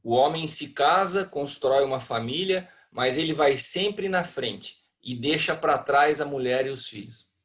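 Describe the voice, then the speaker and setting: A man's voice: mid-range voice, animated, normal speed, fairly bright tone. A man, teaching a church marriage class in a conversational way over a video call. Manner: conversational, acts out a selfish husband.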